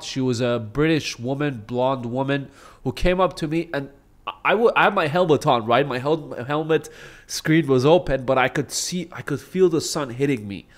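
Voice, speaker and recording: Laid-back young man telling a crash story. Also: mid-range voice. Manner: laid-back, swears, jokes and self-deprecates. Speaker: vlogger. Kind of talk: casual storytime.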